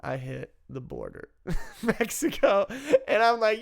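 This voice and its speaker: Gravelly man telling a wild story. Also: high voice, unhurried. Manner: laughs often, swears freely, animated and self-mocking. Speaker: storyteller recounting his addiction. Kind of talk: casual personal storytelling.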